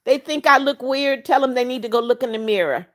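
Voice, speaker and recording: Older lady in her 70s doing a live chat, a bit higher voice, blunt and motherly, blesses everyone. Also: brisk. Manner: greets viewers by name and blesses them, blunt and motherly. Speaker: livestream host. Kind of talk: casual livestream chat reading viewer comments.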